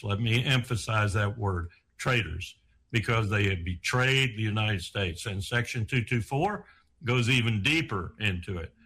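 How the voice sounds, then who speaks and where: Husky, grave older man. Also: on the low side, a bit bright. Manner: grave, repeats words for emphasis. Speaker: retired army colonel. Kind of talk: interview commentary.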